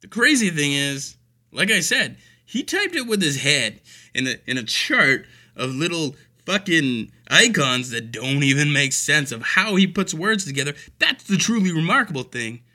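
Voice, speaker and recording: A man's voice: on the high side, sing-song, normal speed, bright, forceful tone. A man delivering an exasperated, profane comedic rant full of sarcasm. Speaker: caregiver telling stories.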